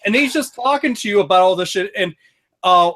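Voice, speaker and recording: A man hosting a podcast, telling excitable, profane stories in casual chat. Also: high-pitched, fairly quick. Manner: profane, excitable storytelling with frequent swearing. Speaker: podcast host reviewing a video game.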